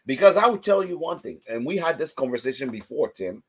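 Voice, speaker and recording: A man hosting a casual livestream chat, telling stories with lively, loud acted-out quotes. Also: fairly high pitch, fairly quick, breathy edge. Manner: animated storytelling, acts out quotes loudly. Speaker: host.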